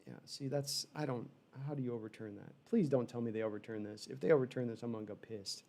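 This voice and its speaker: In a fan livestream, a male host rambles through an animated live sports reaction, reading chat and adding frustrated asides. He has a creaky, medium-pitched voice and a fast delivery.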